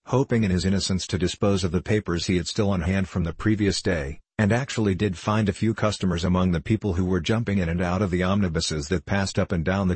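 A man giving scripted narration of a classic novel in a measured, literary storytelling manner. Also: sits low, a little mellow, breathy edge, no echo. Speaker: audiobook narrator.

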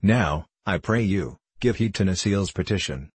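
A man's voice: low-pitched, expressive, normal speed, husky, no room sound. A man reading the part of a playful female queen of forest nymphs in a spoken storybook, gleeful and teasing.

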